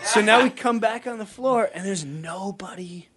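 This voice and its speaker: A middle-aged man hosting a talk show, telling a comic story in an animated way, laughing and breaking into shouted voices. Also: sits high, normal speed. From New York area. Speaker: radio show host.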